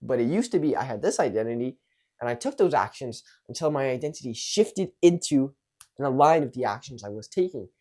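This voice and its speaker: A man's voice: mid-range voice, a little fast. Young man, social skills coach, casual monologue, acts out bits of dialogue, mid-range voice. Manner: animated, acts out example lines in jumpy voices, swears casually.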